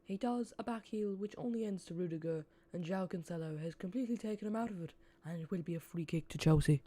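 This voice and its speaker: A man putting on a shrill mock TV commentator. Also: fast talker, dark tone. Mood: mock-dramatic. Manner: exaggerated, sing-song, theatrical. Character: over-the-top male TV football commentator.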